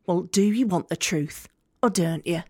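A woman's voice: fairly low pitch, measured pace, a little mellow, slightly rough, no echo, clean studio sound. An actress with a Northern English accent plays a young, angry, working-class woman student in a radio drama monologue, speaking in a sardonic, blunt and profane way. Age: young adult.

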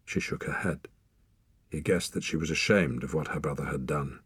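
An older man reading an audiobook in an expressive, lilting storyteller manner, close to the mic. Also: very deep voice, normal speed, husky, dry recording. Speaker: audiobook narrator. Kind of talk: audiobook narration. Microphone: close studio mic.

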